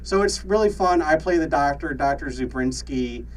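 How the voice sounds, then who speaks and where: A man's voice: a little high, lively intonation, normal speed, far from the mic, a little hiss or hum, low-quality recording. A man co-hosting a podcast in casual chat, with lots of fillers and laughter. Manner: laughs often, many fillers and restarts. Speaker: podcast co-host.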